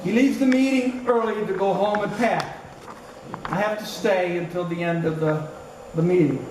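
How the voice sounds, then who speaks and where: An older man delivering a fond funeral eulogy in a high voice. He is picked up from a distance in a large echoey hall with steady noise. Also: moderate pace. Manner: storytelling, fond, chuckling. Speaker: eulogist, former school colleague.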